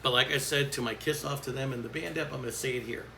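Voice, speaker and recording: A man's voice: mid-range voice, fairly even intonation, fast, vocal fry, bright, forceful tone, slight background noise, low-quality recording. Blunt, profane man ranting. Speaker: coach. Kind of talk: angry vlog rant.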